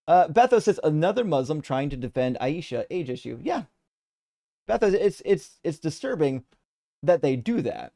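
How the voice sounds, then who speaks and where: Gravelly, mellow-voiced male stream host. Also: a little high, very animated, moderate pace. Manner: rambling, many restarts, swears casually. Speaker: debate stream host reading chat. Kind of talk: casual live-stream chat.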